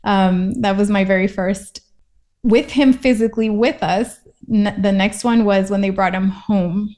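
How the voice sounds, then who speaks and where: A woman's voice: medium pitch, fairly even intonation, measured pace, a little mellow. A woman from Puerto Rico, a guest in a casual interview, talking in a reflective, thoughtful way.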